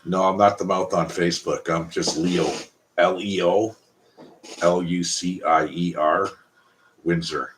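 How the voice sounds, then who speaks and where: A man's voice: low voice, fairly even intonation, unhurried, slight background noise. A Canadian man hosting a casual live stream, talking bluntly and profanely in a rambling way.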